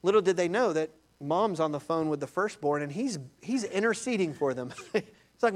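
High-voiced animated male preacher. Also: normal speed. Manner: animated storytelling, addresses listeners as beloved. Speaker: pastor. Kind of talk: sermon.

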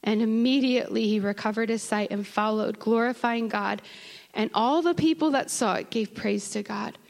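A woman's voice: fairly high pitch, normal speed, creaky. A woman preaching a sermon in church, moving from conversational asides with the congregation to impassioned calls. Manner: rises to impassioned crying out. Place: church sanctuary.

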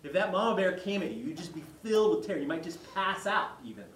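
A male pastor giving a conversational sermon, retelling a story with lively quoted voices. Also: sits high, quick pace, slight background noise. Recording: echoey hall, mic far off.

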